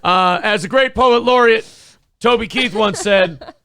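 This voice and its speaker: A man's voice: sits high, slow pace, creaky, bright, forceful tone. A man hosting a morning show, joking crudely and reciting song lyrics as mock-solemn congressional speeches.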